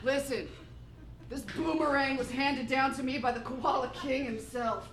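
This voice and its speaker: A woman's voice: high-pitched, steady tone, measured pace, heavy background noise. A woman playing Hank, a brash movie star. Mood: swaggering. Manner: boastful, swearing, rambling. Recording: echoey room, laughing audience.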